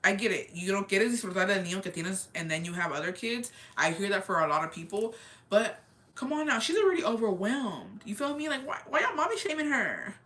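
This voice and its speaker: A woman's voice: medium pitch, big pitch swings, brisk, fairly bright tone. A young woman hosting a casual chat where she answers viewer comments. She talks candidly, repeats phrases for emphasis, swears freely and slips Spanish phrases into her English. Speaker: livestream host.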